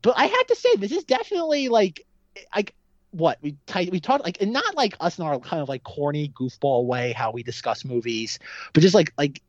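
Podcast dude chatting movies, bouncy pitch, kinda dull lo-fi dry sound. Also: male voice, brisk, no echo. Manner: animated, acts out quoted lines. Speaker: podcast co-host. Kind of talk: casual movie-podcast chat.

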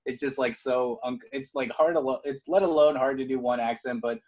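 A young man in easy podcast chat who wanders through his stories, restarting his sentences and laughing along the way. His voice sits at an ordinary middle pitch. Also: brisk, a little mellow. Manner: rambling, many fillers and restarts, laughs often. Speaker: podcast co-host. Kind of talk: casual chat.

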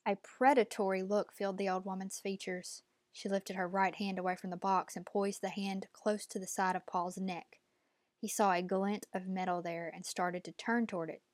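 A woman narrating an audiobook at a measured, steady pace. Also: medium pitch, no echo.

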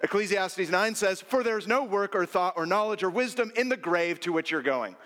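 Man, pastor, lively sermon, high voice, long hall echo. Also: fairly quick. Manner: animated, acts out quoted voices. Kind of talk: sermon with personal stories.

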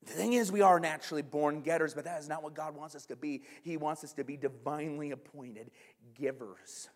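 A man preaching a sermon to his congregation, animated, with conversational asides. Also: on the high side, big-room sound. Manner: animated, talks to the congregation with asides and quick acted-out quotes. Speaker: pastor.

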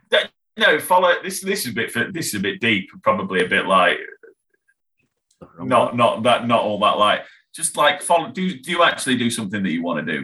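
A young man, talking as a guest on a podcast. His voice sits very low but moves around a lot, with a bright, forceful tone. He rambles, laughs easily and swears without a second thought. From England. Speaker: band member guest. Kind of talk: casual podcast chat.

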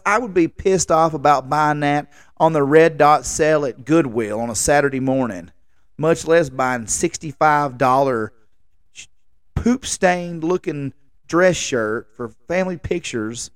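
A man's voice: a little high, dry recording. A man, hosting a podcast and telling rambling, self-mocking stories in a casual, exasperated way. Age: late 30s. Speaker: podcast host. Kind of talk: casual comedic storytelling monologue.

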